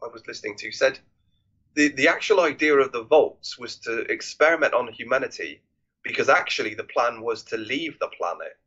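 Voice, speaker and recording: A man's voice: mid-range voice, expressive, a little fast, sharp tone, breathy edge. Man, film podcast co-host, casual rambling chat, lots of fillers, swears, dull lo-fi recording. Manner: rambling, many restarts and fillers, swears freely.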